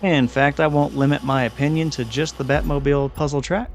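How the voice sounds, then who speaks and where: A man's voice: on the high side, steady tone, a little fast, over music. A man giving casual, chatty commentary over his gameplay, rambling and self-deprecating. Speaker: gaming channel host.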